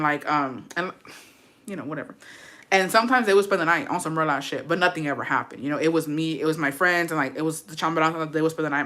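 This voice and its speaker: A young woman spills a personal story to her viewers in a bright, clear-toned voice. She is profane and chatty, with dramatic asides as she goes. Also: low-pitched. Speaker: vlogger telling a personal story. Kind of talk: casual storytelling.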